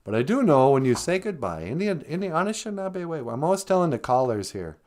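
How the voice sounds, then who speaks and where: A man's voice: sing-song, darkish tone. A man voicing a chatty, teasing old Ojibwe grandmother with a Minnesotan accent, hosting a comedic live stream in a sing-song drawl. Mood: earnest. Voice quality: sing-song, swooping pitch, slow drawl.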